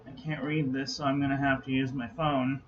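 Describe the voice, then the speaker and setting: A man's voice: medium pitch, little pitch movement, fairly quick, highs cut off, slight background noise. A man hosting a casual product review vlog from his own room at home, chatty and reading product details aloud in clipped lists. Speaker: host.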